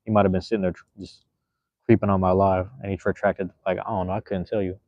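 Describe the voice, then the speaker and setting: A man's voice: low voice, flat delivery, fast, darkish tone, no echo, lo-fi sound. A man hosting a casual solo livestream, rambling in a laid-back, slangy way. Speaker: livestream host.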